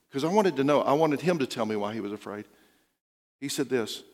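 A middle-aged man preaching a sermon as a pastor, telling stories with hushed quoted lines and rising urgency. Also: mid-range voice, lively intonation, normal speed. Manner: storytelling, dropping to a hushed voice for quoted lines and rising when urging. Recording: long reverb of a large hall.

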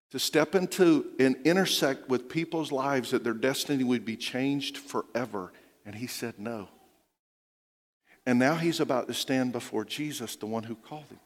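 A middle-aged man preaching a sermon as a pastor, telling stories with hushed quoted lines and rising urgency. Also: medium pitch. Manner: storytelling, dropping to a hushed voice for quoted lines and rising when urging. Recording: long reverb of a large hall.

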